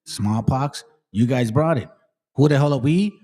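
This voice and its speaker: A man in his late forties giving a profane, animated commentary as a channel host, often quoting and mocking others. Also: medium pitch, a little slow. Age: 40s. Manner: animated, swears a lot, mocks and quotes others. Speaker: channel host reacting to videos.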